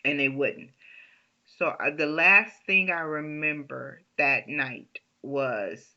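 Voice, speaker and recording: A woman tells a personal story in a chatty, laughing way. She talks slowly with a bright, forceful tone. The recording is dull and lo-fi. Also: deep voice. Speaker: storyteller, vlogger. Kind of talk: casual storytime.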